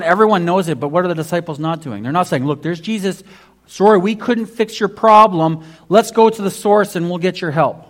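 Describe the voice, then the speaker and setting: Male pastor, chatty sermon delivery, voice a touch high. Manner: conversational preaching, many restarts and "basically".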